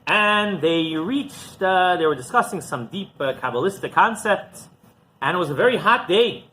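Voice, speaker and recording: A rabbi with a high, bright voice tells a story to his listeners, and his pitch swings widely as he acts out each exchange. A faint ambience sits behind him. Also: moderate pace, slight background noise, rough recording. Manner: animated storyteller, acting out dialogue. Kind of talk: storytelling lesson.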